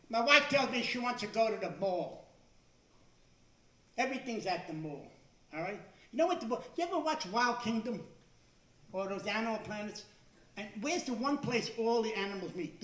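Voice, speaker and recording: High, bright-voiced comedian man on an echoey stage. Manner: chatty, self-mocking, with quick asides and character voices. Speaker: stand-up comedian. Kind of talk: stand-up comedy routine. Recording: echoey stage sound from a distance.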